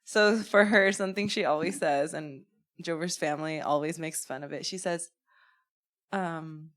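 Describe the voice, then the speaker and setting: A woman's voice: low voice, moderate pace. A woman hosting a casual podcast chat, giggly and laughing often between her lines. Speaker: podcast host.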